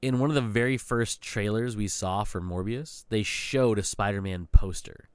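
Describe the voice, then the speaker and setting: A man co-hosting a podcast, laying out a movie argument in an animated way and checking for agreement often. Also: lowish voice, normal speed, clean tone, no echo. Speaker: podcast co-host. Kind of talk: casual movie review chat.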